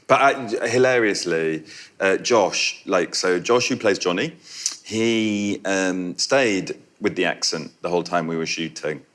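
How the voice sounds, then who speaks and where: A middle-aged man with a Yorkshire accent, a film director answering questions in a chatty, animated way and laughing often. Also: low voice, unhurried. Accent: Yorkshire English. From Yorkshire, England. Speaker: film director, festival guest. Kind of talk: festival Q&A talk.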